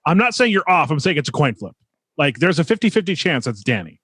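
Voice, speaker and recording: A man's voice: fairly high pitch, big pitch swings, quick pace, fairly bright tone, breathy edge, no room sound. A man hosting a casual podcast, earnest and emphatic, drawing out his pleas to listeners. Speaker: podcast host.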